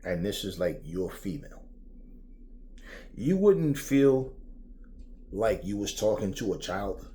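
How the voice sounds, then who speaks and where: A middle-aged man hosting his own vlog, ranting profanely and rambling with animated asides. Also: lowish voice, slow pace, long pauses. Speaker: vlog host. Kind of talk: opinionated rant.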